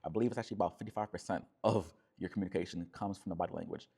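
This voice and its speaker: Male relationship coach, lowish voice, emphatic direct delivery, punctuates with "right?". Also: steady tone, very fast, vocal fry, warm tone, husky. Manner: emphatic, repeats "right?" often, acts out quoted voices. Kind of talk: direct-to-camera coaching talk.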